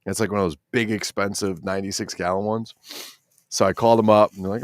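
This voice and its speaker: Gravelly, rambling livestream host, a man. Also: sits low, fairly even intonation, fast, dry recording, studio quality. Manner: rambling and profane, reads chat aloud. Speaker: toy collector livestream host. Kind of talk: casual livestream chat.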